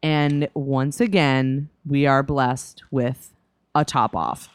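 A woman co-hosting a podcast, recapping a TV episode in casual chat with wry, deadpan asides. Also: rumbling low, takes it slowly, smooth, dry recording. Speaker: podcast co-host.

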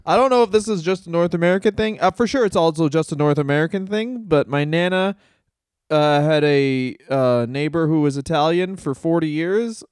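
A man's voice: on the high side, moderate pace, darkish tone, smooth, dry recording, clean studio sound. A man co-hosting a comedy podcast, laughing and telling stories in crude banter. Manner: laughing, storytelling. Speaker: podcast co-host.

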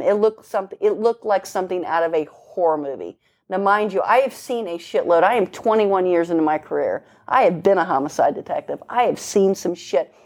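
A woman's voice: lowish voice, darkish tone. A middle-aged woman police officer recounting a call in casual conversation, vivid and emphatic, with blunt, casual swearing.

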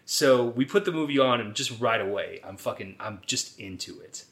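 Male podcast co-host, casual and profane, mid-pitched, easygoing delivery. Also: lively intonation, moderate pace, a bit bright. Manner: laid-back, swears casually, often laughs while talking. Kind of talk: casual chat.

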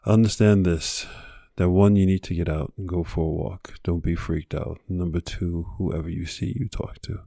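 A man's voice: low-pitched, steady tone, normal speed, vocal fry, hardly any pauses, dark tone, dry recording, studio quality. A man hosting a podcast, delivering an earnest motivational monologue with repeated exhortations. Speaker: podcast host.

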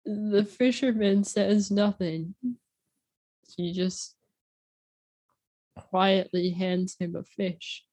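A woman spins an improvised tale at an easy, unhurried pace, teasing as she goes. Her voice sits in a middle range. The recording is dry and close. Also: medium pitch, flat delivery, warm tone, slightly rough, dry recording. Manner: teasing, often breaking into laughter. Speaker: improv storyteller and timekeeper. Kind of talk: playful improvised storytelling.

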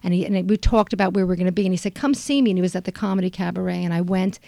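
An older woman comedian chatting in an interview, telling animated stories full of fillers and acted-out quotes. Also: very fast, gravelly, no room sound. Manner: animated storyteller, acts out quotes with big pitch jumps; frequent fillers. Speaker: stand-up comedian guest. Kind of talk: casual interview chat.

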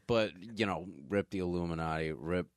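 A man's voice: sits low, moderate pace, clean tone, dry recording, studio quality. A man in a casual movie discussion, laid-back and matter-of-fact.

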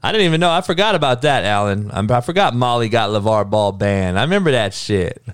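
A man's voice: medium pitch, a little fast, clean tone, no room sound, studio quality. Heated, profane male podcast ranter. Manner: profane, heated, animated, with outbursts. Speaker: podcast host. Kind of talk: casual opinionated rant.

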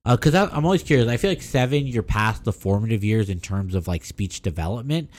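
Lively, storytelling podcast man. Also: on the low side. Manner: animated storytelling, quick asides. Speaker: podcast co-host. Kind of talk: casual chat.

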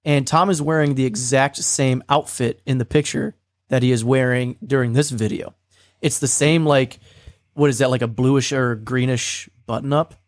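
A man's voice: medium pitch, steady tone, normal speed, dry recording, clean studio sound. A man co-hosting a podcast, eagerly sharing a theory in casual chat and laughing often. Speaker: podcast co-host.

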